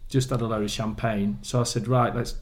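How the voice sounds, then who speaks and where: A man's voice: lowish voice, little pitch movement, fairly quick. A man, a former footballer telling stories as a guest, acting out quotes and laughing often. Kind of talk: anecdotal storytelling.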